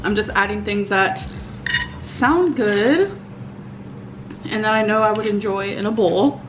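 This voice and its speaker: A woman in her thirties chatting casually to her viewers at home, unhurried and full of "um" and "like". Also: medium pitch, noisy background. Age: 30s. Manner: unhurried, chatty, many fillers like "um" and "like". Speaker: vlogger. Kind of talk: casual vlog chat.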